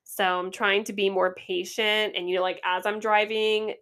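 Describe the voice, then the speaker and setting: A woman's voice: medium pitch, flat delivery, normal speed, a bit bright, clear, resonant tone. A woman in her thirties co-hosting a podcast, talking frankly and casually. She swears without fuss and drifts into thoughtful asides. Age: 30s. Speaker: podcast co-host. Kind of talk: casual chat.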